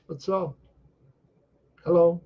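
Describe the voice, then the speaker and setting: A man voicing a calm, content dog in an easygoing, relaxed way. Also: fairly high pitch, takes it slowly, highs cut off, voice pushed up. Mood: chill.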